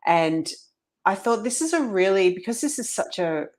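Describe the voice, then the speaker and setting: A woman coaching mothers in a relaxed conversation, telling client stories earnestly and often restarting her phrases. Her voice is a little husky this morning. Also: mid-range voice, moderate pace.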